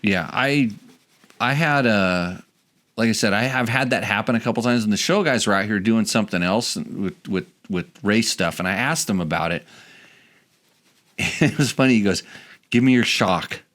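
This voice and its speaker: Rambling low-voiced male podcast host. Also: normal speed, fairly bright tone. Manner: rambling, restarts sentences. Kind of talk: casual podcast chat.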